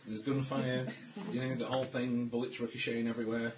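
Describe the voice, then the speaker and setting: A man's voice: mid-range voice, flat delivery, quick pace. A man narrating as game master in a tabletop game, laughing often. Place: hall. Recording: loud background noise.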